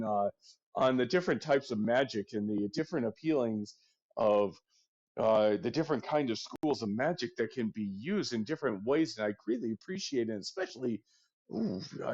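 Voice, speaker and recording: A man's voice: medium pitch, a little mellow, muffled recording. A man voicing an old, scholarly male red dragonborn who rambles hesitantly like a professor, in a tabletop game.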